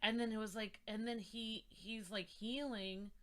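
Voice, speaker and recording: A young woman co-hosting a podcast in casual chat, gushing and excitable, with lots of fillers. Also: mid-range voice, a little slow. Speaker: podcast co-host.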